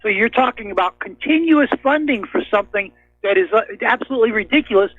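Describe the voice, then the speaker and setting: Irate male radio caller, high husky voice over a phone line, blunt and profane. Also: lively intonation, fast talker, dry recording. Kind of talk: angry call-in rant. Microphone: telephone.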